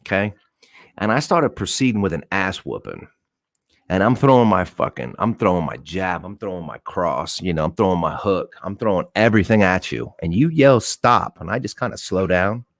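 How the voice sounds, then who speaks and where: A man's voice: deep voice, animated, moderate pace, creaky, dry recording, studio quality. A young man hosting a live show, telling a profane dating story with acted-out quotes. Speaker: host. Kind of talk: casual storytelling to a live audience.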